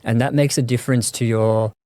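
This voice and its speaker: Male guest, mid pitch, monotone delivery, halting and reflective, dry close sound. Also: dry recording. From Australia. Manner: thoughtful, halting, many restarts and fillers. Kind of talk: reflective conversational interview.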